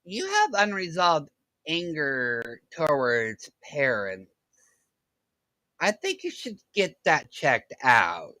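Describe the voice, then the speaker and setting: A woman's voice: low-pitched, huge pitch swings, takes it slowly, bright, forceful tone, dry recording, rough recording. A woman reacting to clips with sarcastic remarks, often breaking into laughter. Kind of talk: reaction commentary.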